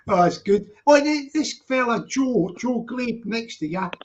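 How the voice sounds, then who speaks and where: A man with a London accent hosting a casual live-stream chat, laughing often and chatting warmly with callers. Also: extremely high pitch, lo-fi sound.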